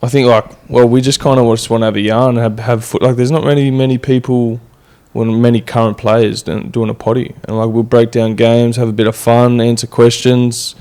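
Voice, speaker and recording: A man's voice: medium pitch, flat delivery, fairly quick, few pauses, warm tone, smooth. A young man co-hosting a casual podcast, easygoing and slangy, talking with some hesitation. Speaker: podcast co-host, rugby player. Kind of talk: casual chat.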